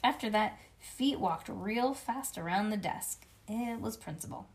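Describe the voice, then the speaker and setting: A woman reading a children's book aloud in a lively way, breaking off now and then for playful asides. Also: medium pitch, a little slow. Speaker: reader.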